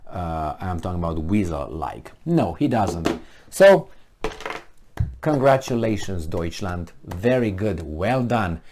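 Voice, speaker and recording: A man's voice: low-pitched, very animated, takes it slowly, a little mellow, a little hiss or hum. A man giving ranting commentary on a news article, sarcastic, mocking and exasperated. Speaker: political commentator.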